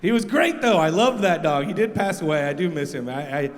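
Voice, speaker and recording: High-voiced man doing loud stand-up. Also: lively intonation, fairly quick. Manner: loud, crowd-rousing, rambling. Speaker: radio show host doing stand-up. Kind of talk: stand-up comedy. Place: live stage in a large venue. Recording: long reverb of live venue.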